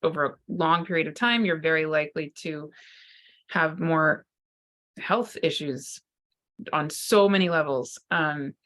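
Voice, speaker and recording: Low-voiced woman in earnest spiritual talk. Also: measured pace, a bit bright. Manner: earnest, searching, with frequent restarts. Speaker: spiritual teacher and psychotherapist. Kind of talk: unscripted spiritual talk to camera.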